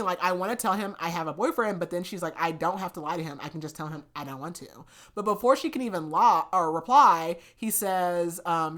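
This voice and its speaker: A woman's voice: fairly low pitch, a bit bright. A young woman casually recapping a romance novel for a podcast, chatty and full of fillers like "like". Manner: chatty, filler-heavy retelling with lots of "like". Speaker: book review podcast host.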